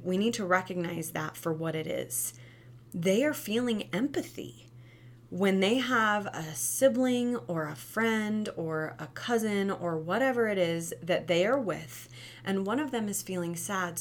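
A woman who used to teach preschool, giving casual parenting advice in a lively, conversational way and often asking "right?". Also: measured pace. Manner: animated, acts out quoted kids and parents with big pitch jumps.

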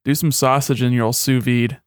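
A young man co-hosting a podcast, trading dry, wry jokes in relaxed chat. His voice sits at an ordinary pitch for a man and sounds dry and close. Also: fairly quick, smooth, no echo. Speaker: podcast co-host. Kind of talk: casual chat.

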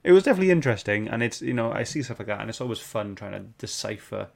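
A man hosting a casual book club podcast, reading out viewer questions in a relaxed way. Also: on the low side, very fast, gravelly.

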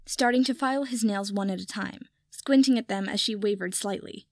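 A woman narrating a piece of fan fiction aloud in a steady storytelling manner. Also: mid-range voice, brisk, no echo, clean studio sound. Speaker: reader.

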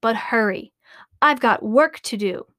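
A woman's voice: a little high, measured pace, fairly bright tone, dry recording, studio quality. A woman doing a grumpy, impatient gorilla. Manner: gruff and irritable.

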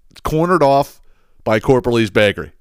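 A man's voice: mid-range voice, expressive, fairly quick, clear, resonant tone, no room sound, clean studio sound. Man telling a profane rambling story. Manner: profane, rambling, laughs while telling stories. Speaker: podcast host. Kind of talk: casual storytelling monologue.

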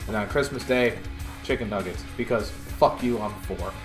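A man's voice: on the low side, moderate pace, music in the background. A man co-hosting a podcast in casual chat, wry and self-mocking. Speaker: podcast co-host.

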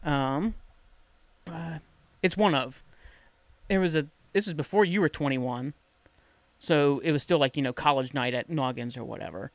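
A podcast host chatting casually and reminiscing in an easygoing, relaxed way. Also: medium pitch, normal speed, pauses often, dry recording. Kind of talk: casual chat.

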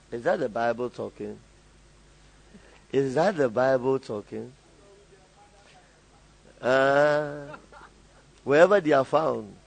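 A man's voice: on the high side, vocal fry, dry recording, poor audio. A male pastor preaching a sermon, calling on the congregation to fill in and repeat lines, often laughing. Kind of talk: call-and-response sermon.

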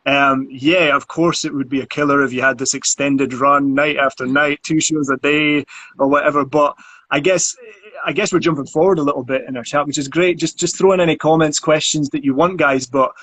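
A man's voice: fairly high pitch, steady tone, fairly quick, fairly bright tone. A man in casual conversation who talks earnestly about acting and often repeats words while he thinks.

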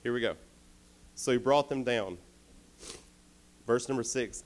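A man's voice: mid-range voice, unhurried, pauses often. A young man giving a youth sermon, telling a story playfully and speaking directly to the crowd.

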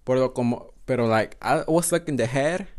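A man's voice: mid-range voice, brisk, darkish tone. A young man, hosting a podcast and telling a story in a frank, profane way, slipping Spanish phrases into English. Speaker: podcast host. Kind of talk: casual storytelling monologue.

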